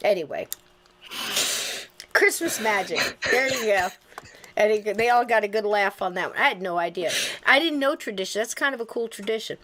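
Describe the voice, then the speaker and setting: A middle-aged woman hosting a podcast, telling stories in a casual, animated way and laughing through them. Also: on the high side, normal speed. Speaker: podcast host. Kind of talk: casual storytelling chat.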